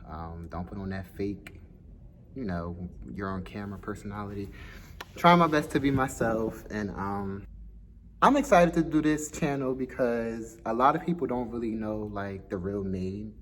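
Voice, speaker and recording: In his first vlog, this Philadelphia dance school owner talks casually but somewhat nervously to the camera, laughing easily and sounding self-conscious and chatty. The young man has a slight lisp and a lowish, fairly bright voice at normal speed, with a little hiss or hum in the audio.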